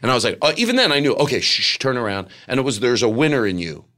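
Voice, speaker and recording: A man's voice: medium pitch, expressive, rapid-fire, bright, forceful tone. A middle-aged man, a comedian, telling a rambling personal story with lots of quoted dialogue. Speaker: guest comedian. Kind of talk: casual storytelling.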